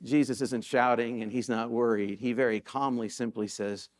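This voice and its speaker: A man's voice: mid-range voice, steady tone, moderate pace. A man pastor giving a sermon in a church sanctuary, telling stories in a conversational way and rising into sudden emphatic peaks.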